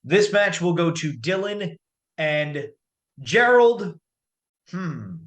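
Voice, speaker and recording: A man's voice: high voice, sing-song, slow, fairly bright tone. A man hosting a comedic wrestling predictions show with hammy announcer flair. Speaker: host.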